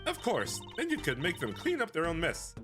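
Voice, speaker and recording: A man voicing a cheerful teenage girl magician sidekick in a high, eager voice while reading game dialogue. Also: huge pitch swings, normal speed. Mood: peppy. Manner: bubbly, high-pitched and eager. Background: game music.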